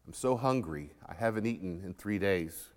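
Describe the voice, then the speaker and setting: Quiet, pleading young convict, lowish voice, played by the preacher, in a reverberant hall. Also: male voice, lively intonation, a little fast, close to an everyday voice. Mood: hushed. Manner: hushed and pleading. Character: desperate, hungry young male escaped convict.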